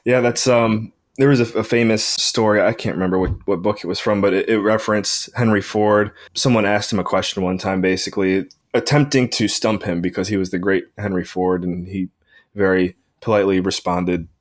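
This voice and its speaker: A man hosting a podcast interview, asking questions in a relaxed, conversational way. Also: fairly low pitch, brisk. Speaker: podcast host. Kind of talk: casual interview talk.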